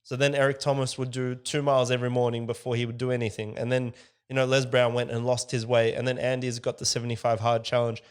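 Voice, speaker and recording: A man co-hosting a business podcast, talking casually and growing animated when he quotes other people. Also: mid-range voice, fast, smooth. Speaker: podcast co-host.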